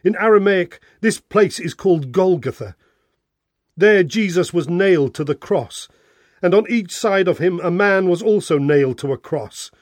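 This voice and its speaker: Man, Bible reading narration, expressive, slightly high voice, dry studio sound. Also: no echo.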